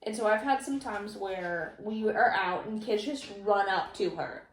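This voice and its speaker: A woman's voice: mid-range voice, a little slow. Upbeat woman vlogger in an echoey room. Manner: animated, laughs often. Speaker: vlogger reading stories. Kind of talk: casual story reading.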